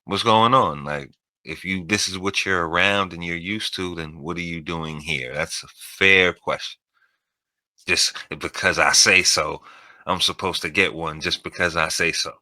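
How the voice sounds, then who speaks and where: A man's voice: deep voice, a little slow, sharp tone, no room sound. A man co-hosting a reaction show, giving laid-back, dry commentary. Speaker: co-host reacting to clips.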